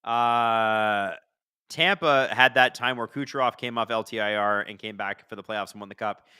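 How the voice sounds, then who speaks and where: Bright-voiced man chatting about hockey live. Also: fairly low pitch, normal speed, clean tone, dry recording, clean studio sound. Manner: chatty, rambling, answers chat questions; bursts into excited shouts at big plays. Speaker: hockey livestream host. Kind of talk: casual live watch-along commentary.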